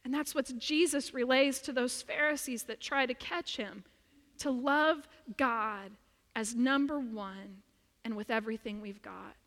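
Woman pastor, high voice, emphatic repetitive sermon delivery, long reverb of a big sanctuary. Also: a little slow, a bit bright. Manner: earnest, emphatic preaching with repetition. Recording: long reverb of a large room.

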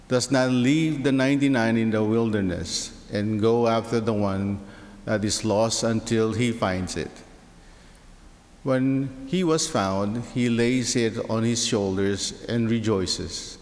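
A man giving a measured scripture reading during a church service, with a few small slips. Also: medium pitch. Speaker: scripture reader. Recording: long church reverb.

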